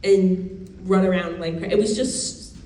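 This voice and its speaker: A woman's voice: lowish voice, unhurried, dark tone, slight background noise. A woman in her thirties, an actor answering fan questions on a convention panel in a chatty, laughing way with many restarts. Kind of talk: casual panel Q&A. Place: convention hall. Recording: roomy hall audio from a far mic with faint ambience.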